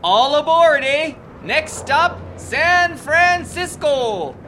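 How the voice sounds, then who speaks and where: A man's voice: extremely high pitch, big pitch swings, drawn-out words, heavily acted. An actor playing a cheery, eccentric bus driver in a game, drawing out his words in a sing-song call. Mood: jolly. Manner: sing-song, drawn out, jolly.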